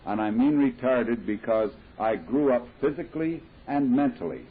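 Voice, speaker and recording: Husky-voiced man on tinny old tape. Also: medium pitch, animated, normal speed. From Midwestern United States. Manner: plain, explanatory, with homely comparisons. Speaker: speaker at recovery meeting. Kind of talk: personal talk at a recovery meeting. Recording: tinny 1970s tape of a talk.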